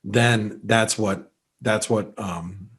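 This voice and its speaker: A man's voice: fairly low pitch, fairly even intonation, very slow, a bit bright, slightly rough. A man hosting an unscripted market webinar, talking loosely with many fillers and restarts, somewhat congested from allergies. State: allergies, sneezy. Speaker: market analyst host.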